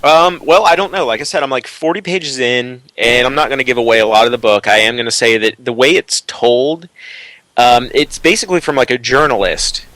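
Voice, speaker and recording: A man's voice: medium pitch, brisk, a bit bright, dry recording, rough recording. Jittery, stammering man on a podcast. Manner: rambling, stammering, restarts often. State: jittery from energy drinks. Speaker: podcast co-host. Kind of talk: casual roundtable chat.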